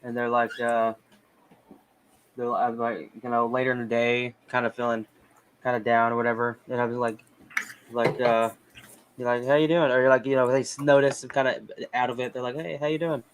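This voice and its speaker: A man's voice: mid-range voice, completely flat delivery, normal speed, pauses often, a little hiss or hum. A man hosting a podcast in a rambling casual chat, joking around with lots of ums and restarts. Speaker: podcast host.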